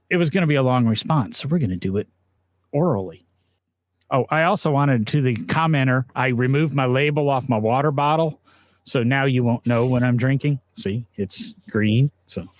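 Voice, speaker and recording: A man's voice: medium pitch, moderate pace, dry recording. A man co-hosting a casual podcast, chatty and often laughing as he talks. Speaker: podcast co-host. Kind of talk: casual chat. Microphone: video call with green screen.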